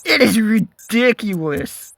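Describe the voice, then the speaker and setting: A man's voice: high voice, big pitch swings, takes it slowly, creaky, a bit bright, no echo. A man giving casual, rambling commentary over his own gameplay, swearing freely and often breaking off to restart his sentences. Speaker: gaming video creator.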